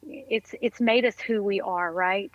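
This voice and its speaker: A woman's voice: medium pitch, measured pace, no room sound, highs cut off. A woman speaking as a podcast guest in casual conversation, upbeat, encouraging and effusive.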